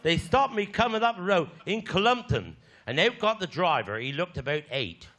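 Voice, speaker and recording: Cornish male stand-up, high, animated voice, crude tall tales, live recording with clear background noise. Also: normal speed. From Cornwall. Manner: broad, bawdy yarn-spinning with crude punchlines. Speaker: stand-up comedian. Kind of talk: stand-up storytelling.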